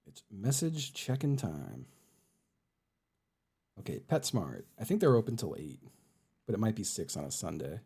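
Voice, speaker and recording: A young man streaming a game from home at a desk mic, chatting casually and cooing at his cats in a high baby voice. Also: big pitch swings, fairly quick, warm tone, breathy edge. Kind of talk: casual live-stream chat. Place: home room. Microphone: desk microphone.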